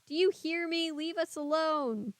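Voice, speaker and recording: A woman's voice: high-pitched, big pitch swings, moderate pace, a bit bright, no echo, voice pushed up. A woman with a Southern US accent voicing a frightened young girl who cries out and pleads. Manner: crying out, pleading.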